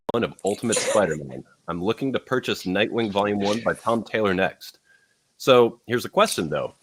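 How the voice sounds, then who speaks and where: Deep, dry-voiced man, rambling casual co-host. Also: a bit bright, no room sound. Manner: rambling, hesitant with many fillers. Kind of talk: casual podcast chat.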